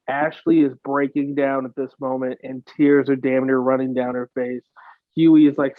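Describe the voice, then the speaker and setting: A man's voice: mid-range voice, level tone, normal speed, no room sound. A man co-hosting a podcast, retelling a reality show episode in an exasperated, profane way. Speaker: podcast co-host. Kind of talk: casual reality TV recap. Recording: tinny phone-like line.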